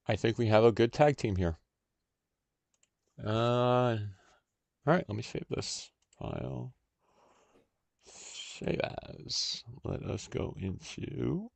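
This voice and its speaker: A man hosting a casual livestream, thinking aloud in a halting, unhurried way while he works on cards. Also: mid-range voice, expressive, creaky, darkish tone, no echo. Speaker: stream host.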